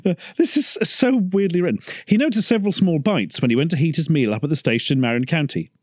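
A man's voice: fairly high pitch, animated, quick pace, a little mellow, no room sound, clean studio sound. A man co-hosting a comedy podcast, reading out news stories with wry, mocking asides. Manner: wry, mocking, laughs often. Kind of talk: casual comedic banter.

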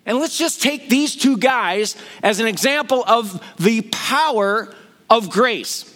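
A man's voice: extremely high pitch, lively intonation, slow, a bit bright. A middle-aged man preaching a sermon, telling the stories with animation and acting out the voices he quotes. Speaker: pastor.

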